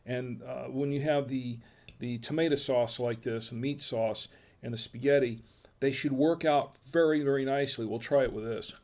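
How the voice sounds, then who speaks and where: An American man from the United States hosts a casual wine tasting, chatty and folksy, murmuring as he samples the food and wine. He's a wine review host with a mid-range, slightly mellow voice. His intonation stays fairly even at a moderate pace.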